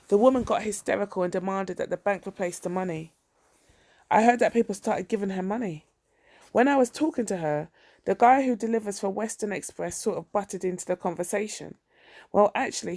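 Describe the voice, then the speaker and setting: Narrator playing a firm, no-nonsense woman banker, gravelly, dry. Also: medium pitch, a little mellow, no room sound, close to an everyday voice. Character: blunt, guarded woman bank officer.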